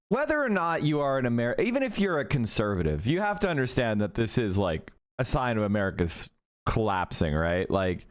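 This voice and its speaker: A man's voice: medium pitch, smooth. A man giving casual commentary on a clip, sarcastic, incredulous and cursing. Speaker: streamer reacting to a clip.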